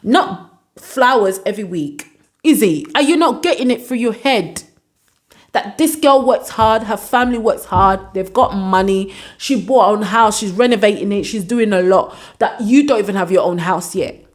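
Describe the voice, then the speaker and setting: A woman's voice: medium pitch, normal speed. A woman casually recapping a reality show episode, scolding its cast in exasperated asides. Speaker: vlogger reviewing a reality show.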